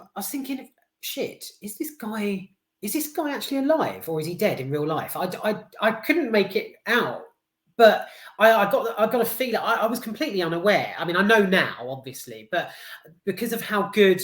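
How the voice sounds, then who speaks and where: A woman's voice: sits low, echoey room. Blunt, sweary British woman. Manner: blunt, sweary, rambling with many restarts and fillers. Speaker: film reviewer. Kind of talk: casual spoken film review.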